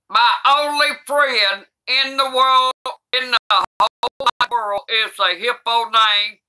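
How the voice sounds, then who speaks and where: A cranky older grandmother from the United States, a comedy YouTuber, reads aloud for laughs, swearing constantly and shouting in outrage. Her female voice is a little high, and her delivery is slow and sharp.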